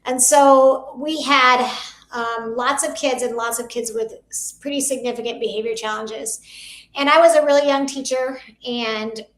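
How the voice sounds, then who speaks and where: Brief: female educator guest, high voice, reflective, echoey room sound. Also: steady tone, measured pace, fairly bright tone. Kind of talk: casual panel talk. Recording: roomy echo.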